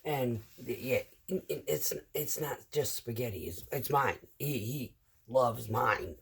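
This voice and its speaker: Middle-aged lady concrete driver, husky voice, just rambling about her day, lots of ums. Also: rumbling low, slow pace. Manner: rambling, chatty storytelling with lots of fillers. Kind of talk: casual vlog chat.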